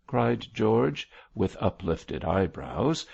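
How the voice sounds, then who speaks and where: A man narrating an audiobook in a measured storytelling manner. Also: low voice, very animated, gravelly, a little mellow, slightly rough, dull audio. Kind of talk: scripted narration.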